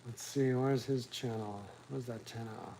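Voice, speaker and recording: This man has a mid-range, darkish voice with a steady tone, and he talks a little slowly. He's hosting a laid-back live talk stream on his laptop at home, rambling, crude and self-deprecating, all captured in a rough recording.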